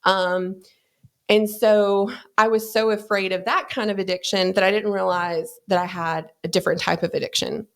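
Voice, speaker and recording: A woman from the American South, appearing as a podcast guest, tells stories candidly and earnestly, with lots of "like" and "you know." Her mid-range voice stays fairly even at a moderate pace.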